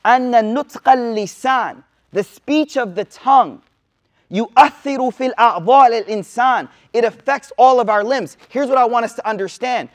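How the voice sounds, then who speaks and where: A high-pitched man in his thirties gives a relaxed sermon to a gathered audience. He teaches through personal stories, dropping street slang and quick asides along the way. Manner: casual, slangy storytelling with lively asides. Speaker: Islamic teacher. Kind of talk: informal sermon to a live audience. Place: room with a seated audience.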